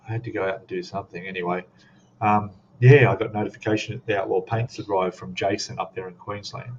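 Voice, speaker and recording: A man with an Australian accent chatting casually on a live stream as a scale model host, rambling and reading chat comments aloud. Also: lowish voice. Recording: dull lo-fi stream audio with faint noise.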